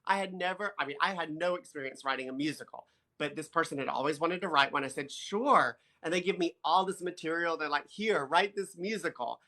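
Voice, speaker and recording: A man co-hosting a casual live stream, chatty and quick to laugh, reading viewer comments aloud. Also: on the high side, bright, forceful tone. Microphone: phone.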